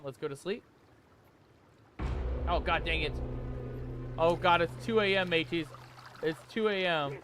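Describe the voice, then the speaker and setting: High-voiced jumpy gaming man. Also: fairly bright tone, a little hiss or hum. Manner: calls viewers "mateys", pirate slang; jumpy, panicky yelps when scared. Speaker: gaming channel host. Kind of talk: let's play commentary.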